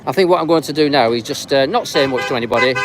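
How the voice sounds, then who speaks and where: A man's voice: mid-range voice, very fast. A man filming a live street vlog outdoors, chatting to passers-by with a teasing, rambling manner. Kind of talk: casual street chat to camera. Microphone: handheld camera. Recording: outdoor crowd noise. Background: crowd noise.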